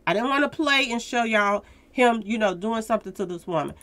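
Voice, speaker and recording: A woman's voice: on the high side, lively intonation, brisk, a bit bright. A woman hosting a casual news commentary, talking straight to her viewers, repeating her points with emphasis. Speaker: commentary channel host.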